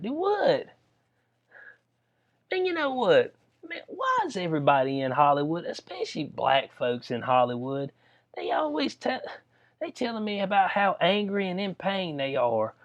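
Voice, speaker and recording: A man's voice: high-pitched, very animated, normal speed, lo-fi sound. A man giving casual, rambling commentary on news stories, full of slang and frequent laughter. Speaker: political commentary vlogger.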